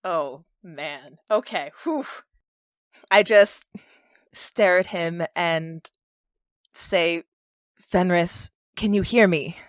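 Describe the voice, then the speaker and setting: A woman's voice: lowish voice, extremely slow, long pauses, no echo. A woman playing a tabletop game who reacts with feeling and laughs often. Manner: emotional, expressive, laughing often. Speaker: player. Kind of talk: tabletop role-play.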